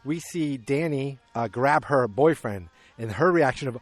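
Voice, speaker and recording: A middle-aged man hosts a podcast and recaps a movie in a casual, animated way. He acts out the scenes as he goes, in a middle-pitched voice. The sound is dry and close. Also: a little slow, no echo. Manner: animated storytelling, acting out scenes. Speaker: podcast host.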